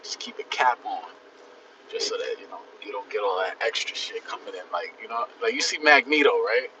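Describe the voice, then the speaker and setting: A man's voice: lowish voice, big pitch swings, brisk, far from the mic, noisy background. A young man chatting casually and rambling on his livestream, full of slang. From the Bronx, New York. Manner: rambling, slangy, laid-back. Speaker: livestream host. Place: out and about in the city. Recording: dull phone audio from off-mic.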